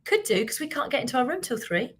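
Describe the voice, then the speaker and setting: A British woman with a British accent, hosting a casual live stream as a business coach, chatting quickly and animatedly and reading out viewer comments. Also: sits high, breathy edge. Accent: British English. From Britain. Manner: fast-talking, animated, chatty and self-mocking.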